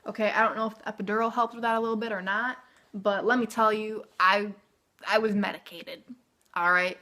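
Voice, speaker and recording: Young woman vlogger, bright tone, casual filler-heavy storytelling. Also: medium pitch, brisk. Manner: chatty, filler-heavy "like", animated retelling.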